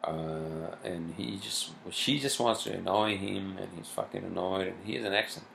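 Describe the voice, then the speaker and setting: Profane, worked-up man ranting, gravelly. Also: low-pitched, normal speed, fairly bright tone, a little hiss or hum. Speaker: vlogger. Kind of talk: solo rant vlog. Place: New York home.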